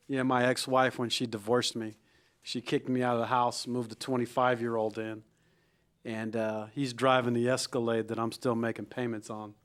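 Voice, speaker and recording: A man of forty emcees a comedy night. His voice sits at a middle pitch, and he jokes about himself in a loose, chatty way between acts. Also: flat delivery, normal speed, long pauses. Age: 40s. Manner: self-mocking, chatty. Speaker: comedy show host. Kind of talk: stand-up and emcee patter.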